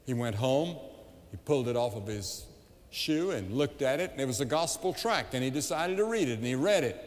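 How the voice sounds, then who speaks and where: A man evangelist delivering a revival sermon to a large crowd, emphatic and building to loud appeals, recorded live in an arena. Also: medium pitch, expressive, fairly quick. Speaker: evangelist preacher. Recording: long hall reverb, live event.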